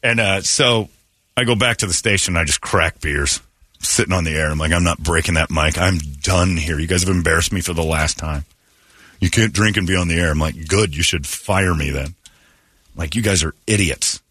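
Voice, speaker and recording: A middle-aged man hosting a morning radio show from a studio, telling rambling stories and jumping into loud mocking voices. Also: deep voice, normal speed, no room sound. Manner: rambling storyteller, swings into loud excited mock voices. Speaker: radio host. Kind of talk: casual morning radio talk. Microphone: studio microphone.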